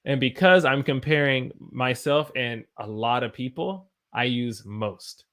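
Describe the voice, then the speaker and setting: Slow-speaking American man teaching English. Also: mid-range voice, a bit bright. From United States. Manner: slow, drawn-out spelling and repetition of words for learners; reads and answers chat questions aloud. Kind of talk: live-streamed English lesson.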